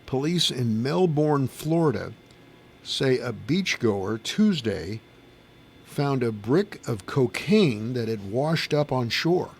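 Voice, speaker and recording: A man's voice: medium pitch, animated, takes it slowly, gravelly, slight background noise. A middle-aged man hosting a morning radio show, reading news items and chatting casually with his co-hosts. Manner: chatty, reads news then banters with laughs. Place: radio studio.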